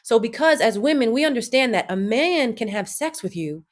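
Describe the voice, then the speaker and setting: A middle-aged woman co-hosting a podcast in casual chat, animated and acting out quoted voices with big pitch jumps. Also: moderate pace. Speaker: podcast co-host.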